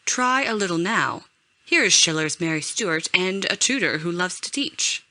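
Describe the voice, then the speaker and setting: A gentle, earnest young male tutor from a storybook, voiced by a woman narrator. The voice stays bright and rather low, with a kindly manner. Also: expressive, moderate pace.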